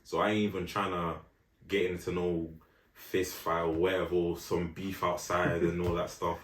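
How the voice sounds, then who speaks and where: A man's voice: sits low, flat delivery, moderate pace, echoey room. A young man telling a story in casual podcast chat, full of slang and "do you know what I'm saying" asides. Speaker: podcast co-host.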